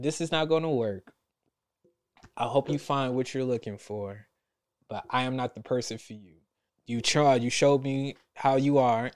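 A young man, a podcast host telling a story in casual chat, animated and laughing often. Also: mid-range voice, clear, resonant tone. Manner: animated, laughs a lot, acts out quotes.

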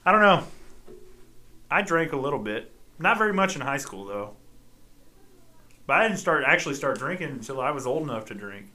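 A man co-hosting a podcast who tells childhood stories in a casual, animated way and swears freely. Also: medium pitch, a little fast, pauses often. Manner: animated, profane storytelling. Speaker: podcast co-host. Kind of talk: casual chat, storytelling.

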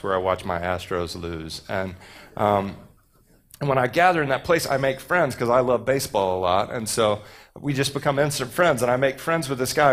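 A man from Houston preaching a casual, joking sermon to a youth group, with many fillers and restarts. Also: on the low side. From Houston, Texas. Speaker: pastor.

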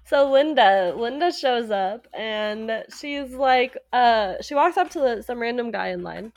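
A woman's voice: fairly high pitch, lively intonation, unhurried. A woman co-hosting a podcast, giggling often as she retells scenes from a musical. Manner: giggly storyteller who acts out lines in put-on voices. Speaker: podcast co-host. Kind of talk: casual fan chat recapping a musical.

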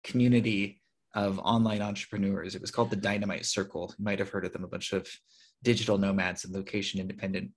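A man's voice: deep voice, little pitch movement, fast talker. An American man, a podcast guest, telling a story frankly and animatedly, acting out what other people said. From United States. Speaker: podcast guest, author and publisher. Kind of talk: casual interview talk.

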